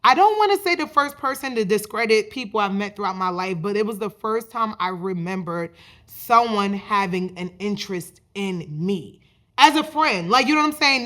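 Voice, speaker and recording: A woman's voice: mid-range voice, normal speed. Chatty woman telling a story on her podcast. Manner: chatty, animated, many fillers like "like". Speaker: podcast host. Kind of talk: casual storytelling monologue.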